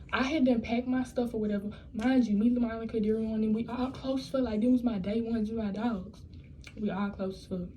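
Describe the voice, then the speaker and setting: A woman's voice: a little high, mellow, slight background noise, poor audio. A young woman telling a personal story in a casual storytime vlog, blunt and profane, rambling and restarting her sentences. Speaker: vlogger.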